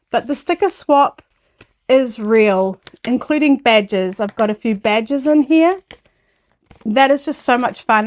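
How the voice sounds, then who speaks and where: A woman talks straight to her viewers in a casual, chatty way. Her voice sits slightly high, and she gets excited as she tells a funny story. She acts out what other people said in lively voices. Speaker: quilting vlogger. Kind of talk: casual chat to camera.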